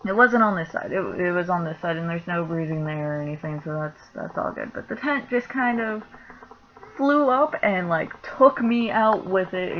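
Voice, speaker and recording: A young woman telling a story in a casual vlog, chatty and laughing, with lots of filler words. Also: lowish voice. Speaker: vlogger. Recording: dull lo-fi sound with faint noise.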